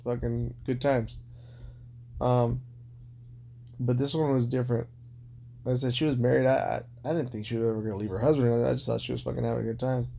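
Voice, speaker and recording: In a casual podcast chat, a man tells rambling, blunt, swear-filled confessional stories. His dark mid-range voice has vocal fry and fairly even intonation, moving at a quick pace broken by long pauses.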